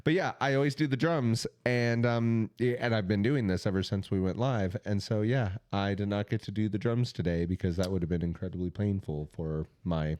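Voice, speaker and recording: A man's voice: fairly low pitch, steady tone, moderate pace, few pauses, darkish tone, no room sound, studio quality. A man co-hosting a casual podcast, joking and self-deprecating, rambling with fillers. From Midwestern United States. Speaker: podcast co-host. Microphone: studio microphone.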